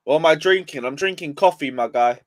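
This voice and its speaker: A man's voice: on the high side, a little fast. A young man ranting on a casual football live stream, just woken up and yawning, swearing in frustration as he reads chat aloud. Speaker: football livestreamer.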